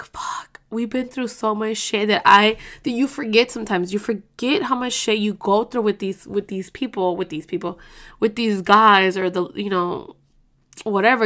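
A woman with a gravelly, fry-heavy voice pitched a little high talks straight to her listeners on a podcast. She is heated and blunt and swears freely. She rambles and restarts as the feeling takes hold. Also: a bit bright. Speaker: podcast host. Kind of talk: casual podcast monologue.

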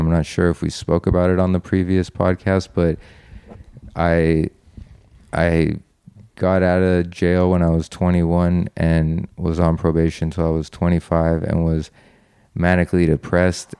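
A man's voice: deep voice, mellow, smooth, dry recording, studio quality. A young man guest on a podcast, earnestly reflecting on his past in a personal story, with frequent ums and restarts.

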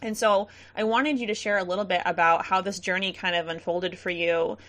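A woman's voice: fairly low pitch, fairly even intonation, brisk, a bit bright. A woman co-hosting a casual podcast interview, chatty and loose, with frequent ums and laughs. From central Massachusetts. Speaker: podcast co-host.

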